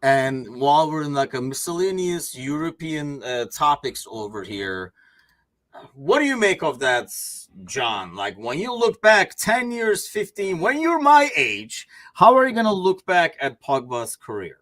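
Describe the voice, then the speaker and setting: A man's voice: a little high, big pitch swings, unhurried, a bit bright. Rambling man hosting a sports chat. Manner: rambling, laughs easily. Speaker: podcast host.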